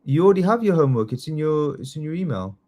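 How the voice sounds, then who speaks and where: A man teaching a live online test-prep class, chatty and excitable, often apologizing as he goes. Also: a little high, fast. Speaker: citizenship test tutor.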